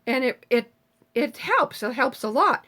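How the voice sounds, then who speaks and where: A woman in her seventies with a very high, lively voice, chatting casually as she answers viewers on a live stream. She talks in a salty, easygoing way and swears freely. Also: unhurried. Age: 70s.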